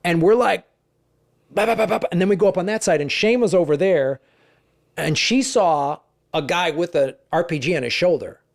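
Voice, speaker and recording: A middle-aged man, a guest comedian, telling stories in conversation, animated and profane, acting out the dialogue. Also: on the high side, normal speed, dry recording, studio quality. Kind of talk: conversational storytelling.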